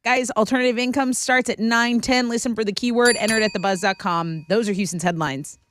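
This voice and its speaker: A woman's voice: fairly high pitch, fairly bright tone, slight background noise. A woman, co-hosting a radio show and reading the news headlines in a chatty way. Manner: chatty, quick, reads news items. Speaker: news co-host. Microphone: studio microphone.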